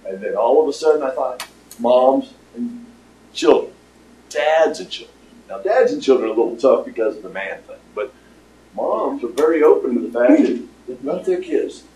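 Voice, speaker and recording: An older man giving a casual, rambling pitch to an audience, with lots of fillers. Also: big pitch swings, normal speed, dark tone, a little hiss or hum. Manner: rambling storyteller with many fillers. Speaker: startup presenter. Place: meeting room with audience. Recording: roomy, distant room recording.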